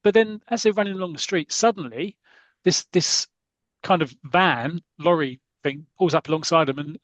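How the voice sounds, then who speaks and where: A podcast host retells a comic story in a lively, chatty way, restarting his sentences as he goes. His voice sits fairly high for a man, and the sound is dry and close. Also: normal speed, no room sound. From Britain. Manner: lively, recounts the comic scene by scene with many restarts. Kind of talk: casual storytelling chat.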